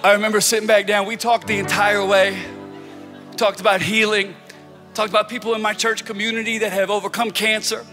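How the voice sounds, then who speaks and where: A pastor with a high, bright voice delivers a sermon in a large hall with a long echo. He moves from relaxed storytelling into loud, fervent prayer. Faint music sits under his voice. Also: a little fast.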